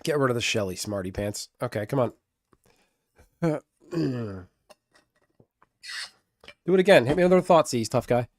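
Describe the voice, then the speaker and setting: A man's voice: medium pitch, animated, normal speed, long pauses, dry recording. Dry-voiced man trash-talking through gameplay. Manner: muttering, trash-talking his opponent. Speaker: streamer. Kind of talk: live gameplay commentary.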